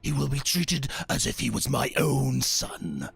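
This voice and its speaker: A man voicing a sly, mocking scaled warlord who speaks in slow, soft, half-whispered menace for a fantasy game. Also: mid-range voice, very animated, creaky, breathy edge, faint music behind, pitched above the performer's own voice, heavily acted.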